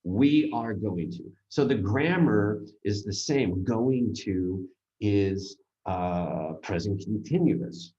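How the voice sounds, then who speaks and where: A man with a low, mellow voice works through a grammar lesson at an unhurried pace, circling back and restarting his sentences as he goes. The sound is dull and lo-fi. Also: animated. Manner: rambling, halting explanations with many restarts and fillers. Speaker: teacher. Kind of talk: recorded grammar seminar lecture.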